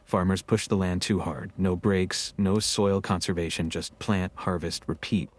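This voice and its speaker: Deep-voiced man telling history wryly. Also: fairly even intonation, a little slow. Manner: joking, wry storytelling. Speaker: co-host. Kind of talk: scripted podcast narration.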